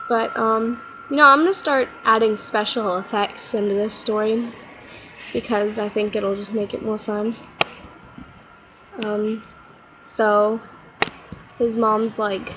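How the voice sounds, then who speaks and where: A woman's voice: mid-range voice, steady tone, slow pace, pauses often, fairly bright tone, lo-fi sound, slight background noise. A woman vlogger telling a story in a casual, rambling way with lots of fillers.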